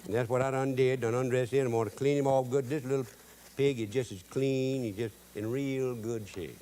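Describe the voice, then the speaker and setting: A man's voice: medium pitch, steady tone, normal speed, dark tone, a little hiss or hum. A man with a Cajun accent hosting a cooking show, drawling and joking in homespun, broken-grammar talk. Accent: Cajun English. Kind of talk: folksy cooking demonstration with jokes.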